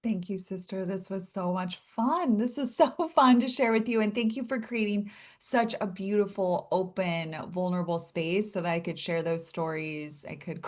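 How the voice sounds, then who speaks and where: A bubbly woman guest, laughing often. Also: lowish voice. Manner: animated, laughs often, gushing. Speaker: guest author. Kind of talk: casual interview chat.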